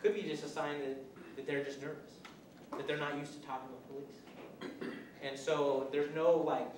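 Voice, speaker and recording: A man's voice: fairly high pitch, level tone, normal speed, noisy background. A male police officer giving an informal workshop lecture, rambling and conversational with many restarts and acted-out examples. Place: college classroom. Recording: echoey room, mic far off.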